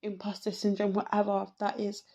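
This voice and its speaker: A woman hosting a podcast, talking slowly and reflectively in an emotional personal monologue, close to tears and repeating herself as she searches for words. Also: mid-range voice, completely flat delivery, mellow, dull audio. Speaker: podcast host.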